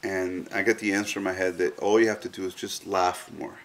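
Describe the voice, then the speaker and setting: A man's voice: sits low, level tone, brisk, a little hiss or hum. A man in an interview recounting a personal experience frankly, swearing freely and telling it vividly. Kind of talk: candid storytelling in an interview.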